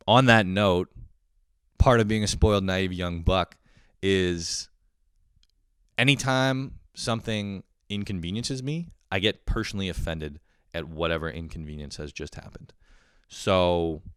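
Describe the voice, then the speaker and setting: Young male podcast host, low and smooth, dry close sound, profane self-mocking rants. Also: measured pace, fairly bright tone, dry recording. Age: young adult. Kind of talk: casual comedic monologue.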